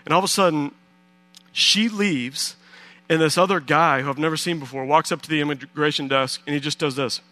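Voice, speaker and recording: A pastor preaching a sermon through a lively personal story, acting out his own reactions. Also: on the high side, a little fast, dry recording.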